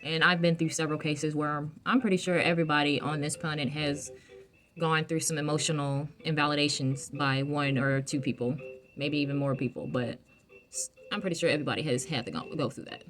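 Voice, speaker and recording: A woman talking casually to her viewers, soft-spoken and reflective, with many fillers and restarts. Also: deep voice, fairly even intonation, fairly quick. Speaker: vlogger giving emotional wellness advice. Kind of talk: casual reflective talk to camera.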